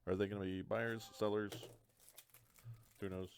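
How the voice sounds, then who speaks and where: A man's voice: lowish voice, little pitch movement, measured pace, slight background noise. A man hosting a live card break, talking through each card with dry joking asides.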